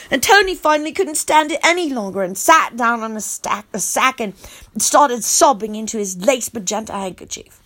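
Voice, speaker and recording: A woman reading a first-person storybook aloud as its storyteller, in an animated, childlike narrator voice. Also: fairly high pitch.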